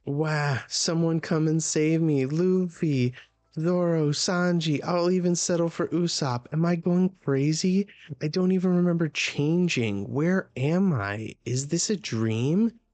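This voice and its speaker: A man's voice: takes it slowly, darkish tone, no room sound. A man voicing a bewildered, panicky young woman while reading a comic aloud. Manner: high, pleading, read aloud from a comic.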